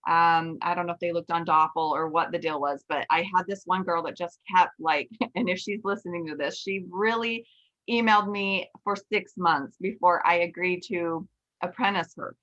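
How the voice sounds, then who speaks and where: A woman's voice: fairly low pitch, moderate pace, dull audio. A woman in her forties hosting a podcast, telling a story candidly and quoting her own thoughts aloud. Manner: candid, animated retelling with quoted self-talk. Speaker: podcast host, nail instructor. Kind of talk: casual storytelling chat.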